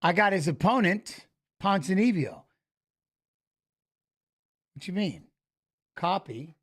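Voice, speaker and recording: A man's voice: high-pitched, very animated, slow, fairly bright tone. A middle-aged man chatting casually as co-host, telling a story with lots of swearing and restarts. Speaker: co-host of a fight preview show. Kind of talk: casual chat.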